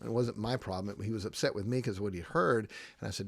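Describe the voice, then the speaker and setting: Emphatic middle-aged pastor, dry sound. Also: male voice, lowish voice, fast talker, gravelly, hardly any pauses, dry recording. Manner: conversational and emphatic, checks in with "okay?". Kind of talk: casual podcast teaching.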